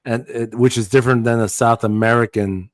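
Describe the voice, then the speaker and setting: A man with a mid-pitched voice speaks bluntly in a casual comedic chat, leaning on emphasis and plenty of swearing. The recording is dry and close, with no room echo. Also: fairly even intonation, fairly quick. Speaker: podcast co-host.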